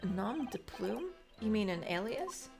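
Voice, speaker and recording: A woman's voice: mid-range voice, big pitch swings, unhurried, vocal fry, over music. A woman voicing an earnest, bewildered young male lawyer who talks hesitantly. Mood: puzzled. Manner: hesitant, puzzled.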